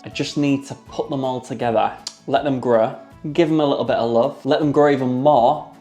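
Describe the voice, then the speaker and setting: A man talks straight to camera about his home garden and baking, earnest and chatty with a self-mocking streak. His voice sits at an ordinary middle pitch, with soft music running quietly underneath. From Yorkshire, England. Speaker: gardening vlogger. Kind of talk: casual vlog talk to camera.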